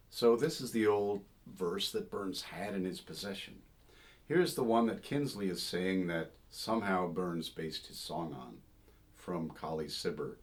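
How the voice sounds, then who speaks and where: A very low-pitched man talks through the history of an old song in a relaxed, digressive way. He muses aloud, pauses on details, and now and then breaks into a sung phrase to make his point. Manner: thoughtful, digressive, sings short phrases to illustrate. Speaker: folk singer and song scholar. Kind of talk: informal spoken commentary on a song.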